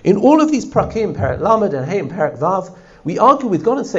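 Man teaching a text class, voice pitched high, dull lo-fi sound. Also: quick pace. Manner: animated, translating line by line with frequent "right?". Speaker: Torah teacher.

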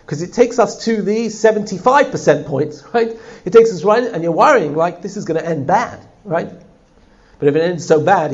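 A man teaching a text study class, animated and often putting questions to his listeners. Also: high-pitched, muffled recording. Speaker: Torah teacher.

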